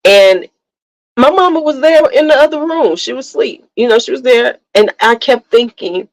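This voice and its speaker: A woman's voice: a little high, expressive, normal speed, no echo, rough recording. A middle-aged woman hosting a casual motivational talk, speaking emphatically and candidly, repeating her points for stress. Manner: candid storytelling. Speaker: host.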